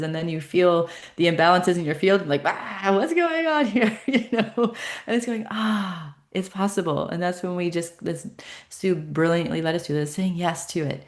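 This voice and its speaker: A woman hosting a spiritual session, talking gently and reading listener comments aloud. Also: on the low side. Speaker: host of a meditation show.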